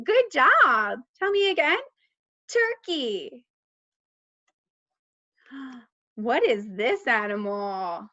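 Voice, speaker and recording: A woman teaching young children, speaking slowly with an exaggerated, encouraging sing-song manner and praising often. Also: high-pitched, big pitch swings, pushed and bright. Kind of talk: child-directed lesson. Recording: dull lo-fi recording.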